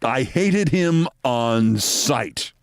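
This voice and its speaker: Man, host, storytelling, animated pitch, dry close sound. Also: extremely slow, vocal fry, smooth, no echo. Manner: lively anecdote-telling, acting out quoted people. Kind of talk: storytelling monologue.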